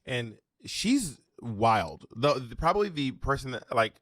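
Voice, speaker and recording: A man co-hosting a casual chat show, telling gossipy stories in an animated way. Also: mid-range voice, a little slow, dry recording. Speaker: podcast co-host.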